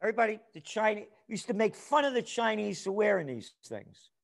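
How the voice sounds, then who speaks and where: A man speaking as a guest trend forecaster in an interview, ranting angrily and profanely and breaking into shouts. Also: sits high, very animated, fairly quick, creaky. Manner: angry, profane, shouts in bursts. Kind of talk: heated interview rant.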